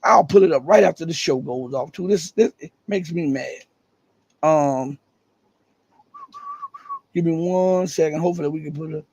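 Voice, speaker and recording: A middle-aged man with a scratchy, raspy voice, giving emphatic live news commentary full of rhetorical questions. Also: a little high, normal speed, pauses often, a little mellow, highs cut off.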